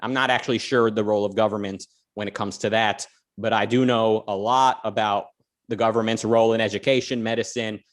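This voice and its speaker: A man's voice: on the low side, fairly even intonation, fairly quick. A man co-hosting a casual livestream, talking loosely and joking, with plenty of fillers and restarts. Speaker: co-host.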